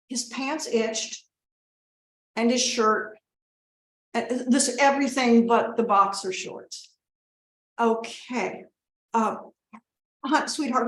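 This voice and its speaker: A woman's voice: on the high side, fairly bright tone. An actress playing a rambling middle-aged mother giving a wedding toast, who keeps breaking off to scold and coax her family. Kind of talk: comedic monologue. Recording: roomy echo.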